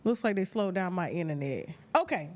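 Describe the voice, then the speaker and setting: A woman's voice: on the low side, lively intonation, a little fast, a little mellow. A woman hosting a gossip show, talking to her viewers in a sassy, chatty way with casual commentary.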